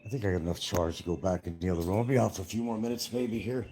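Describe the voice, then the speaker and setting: Talking very fast, an older retired man hosts a livestream in a low, dark, steady voice, with a slight hiss or hum in the recording. He drifts casually between topics and swears freely.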